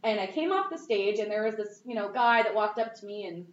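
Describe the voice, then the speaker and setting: A woman's voice: mid-range voice, fairly quick. Bubbly young woman, distant echoey mic. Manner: bubbly, animated, many "like"s. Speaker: cosplayer guest. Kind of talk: casual storytelling. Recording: echoey, dull, distant mic with faint noise.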